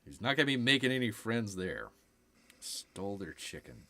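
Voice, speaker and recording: A man's voice: fairly low pitch, very animated, moderate pace, sharp tone. A man hosting a casual movie watch-along, making wry, jokey remarks about the film. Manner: jokey, wry, often slips into silly voices. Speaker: streamer, host.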